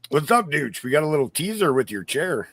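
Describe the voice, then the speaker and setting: Bright-voiced man rambling in casual chat. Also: fairly high pitch, very animated, a little fast, gravelly, no room sound. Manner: rambling storyteller, many fillers. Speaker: podcast host.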